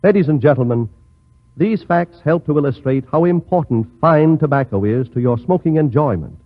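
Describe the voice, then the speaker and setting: A man reading a scripted radio commercial in a smooth, persuasive announcer delivery. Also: on the high side, animated, normal speed. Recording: dull 1940s radio broadcast recording.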